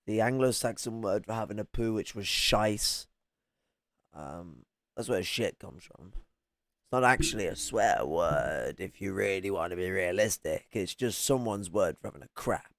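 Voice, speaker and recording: A man's voice: low-pitched, expressive, measured pace, dry recording, clean studio sound. A man reacting to a video in casual commentary, mocking, swearing freely and often laughing.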